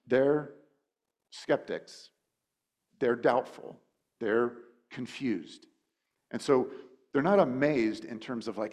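Male pastor, casual teaching sermon, informal and restless delivery, slips into animated voices for quotes. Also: slow pace, pauses often. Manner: informal, thinks aloud with frequent "like" and restarts; acts out quotes with sudden high, animated voices. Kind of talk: conversational sermon.

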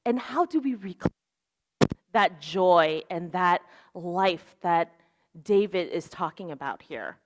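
A young woman preaching a sermon in an earnest, conversational way, with lots of "like" and "right?". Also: medium pitch. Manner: casual, earnest, fillers like "like" and "right?".

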